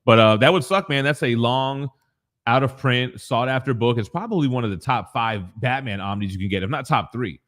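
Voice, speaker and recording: A man in his forties chats on a live stream from his basement. He's slangy and hype, drops swears and shouts out chat names as he reads them. His voice sits at an ordinary middle pitch. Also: fairly quick. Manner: reads chat messages aloud. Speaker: co-host of a collectibles morning show. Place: home basement.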